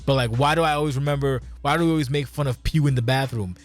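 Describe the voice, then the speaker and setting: A man's voice: mid-range voice, fast talker. A man hosting a podcast, talking casually in a rambling, profane way and sounding tipsy. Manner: rambling, profane, animated storytelling. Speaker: podcast host. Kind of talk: casual chat.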